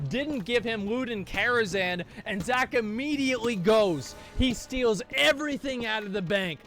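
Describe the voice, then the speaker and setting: A man telling a casual story in an animated, profane way, acting out his friends' quoted lines. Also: high-pitched.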